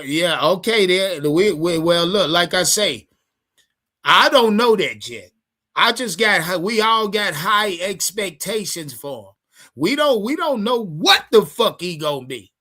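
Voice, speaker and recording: A sports fan streamer addresses his chat in a profane livestream rant about his football team. His pitch swings widely, his tone is bright and forceful, and he stays heated, cursing freely and going over the same ground repeatedly.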